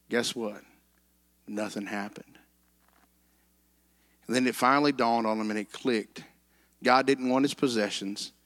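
A man teaching a Bible lesson in an earnest, measured way, slowing down on key words and quoting scripture. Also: mid-range voice, fairly bright tone.

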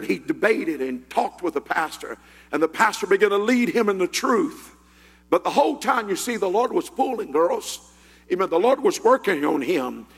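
High raspy gravelly preacher man, pentecostal sermon, big echoey hall. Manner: builds from low storytelling to shouted preaching. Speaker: pastor.

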